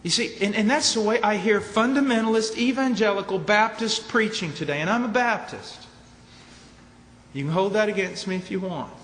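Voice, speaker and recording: A man preaching at a conference, emphatic, ranging from low, quiet statements to shouted points. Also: moderate pace. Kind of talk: conference sermon. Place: large conference hall. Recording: echoey hall with faint noise.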